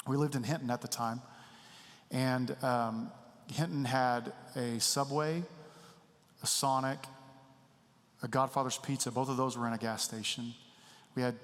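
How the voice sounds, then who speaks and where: A man delivers a sermon in a relaxed, confessional way, weaving in stories from his own life. His voice sits in a middle register. The sound carries the long reverb of a church sanctuary. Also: medium pitch. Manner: candid, conversational storytelling. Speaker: preacher.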